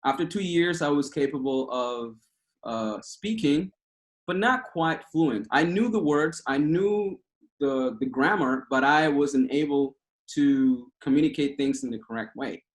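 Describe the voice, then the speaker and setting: A Cuban man in his thirties, a native Spanish speaker with a Cuban Spanish accent, gives a casual, passionate talk as a guest over a video call, rambling with restarts. His voice is fairly high and a little slow.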